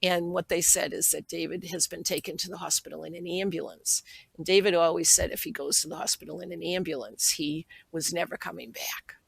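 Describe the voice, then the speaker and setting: A woman's voice: lowish voice, steady tone, fairly quick, creaky, husky, dry recording, poor audio. A woman in her sixties, a podcast guest, earnestly telling a personal story and acting out remembered dialogue.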